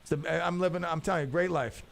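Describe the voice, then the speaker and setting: A middle-aged man hosts a talk radio show in a high, gravelly voice. He jokes around and rambles, stumbling over his words as he goes. He speaks into a studio microphone. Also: fast. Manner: jokey, rambling storyteller with many restarts. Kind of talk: casual talk radio banter.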